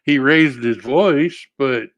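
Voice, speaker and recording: A man's voice: mid-range voice, takes it slowly, a bit bright. A man in a casual online panel chat, laid-back and joking. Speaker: panel co-host.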